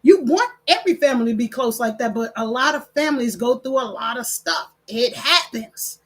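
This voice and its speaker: An older woman hosts her channel in loose, casual chat. Her voice sits high, and she tells her stories with energy, putting on the voices of the people she quotes. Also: normal speed, few pauses, slightly rough. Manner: animated storytelling with quoted voices. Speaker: channel host. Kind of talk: casual chat reading comments.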